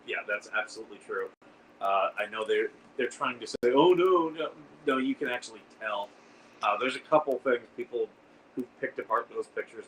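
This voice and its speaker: A man's voice: on the low side, fairly bright tone. A man hosting a casual livestream, rambling and answering viewer comments as he reads them out. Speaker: livestream host. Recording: distant mic with faint background noise.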